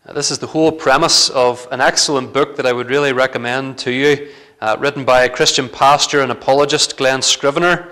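A man's voice: medium pitch, fairly even intonation, a little fast, sharp tone. A man preaching a sermon in a church, earnest and building to fervent emphasis.

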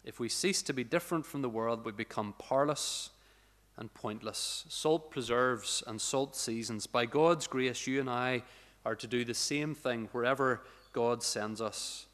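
A man preaching a sermon as pastor, earnest and emphatic, slowing down and lifting his voice to stress key points. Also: medium pitch, a bit bright. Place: church sanctuary. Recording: long church reverb.

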